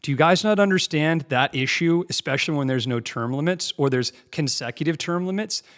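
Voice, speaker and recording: A young man hosting a political commentary show, combative and mocking, pausing to mimic clips he plays. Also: a little high, a bit bright.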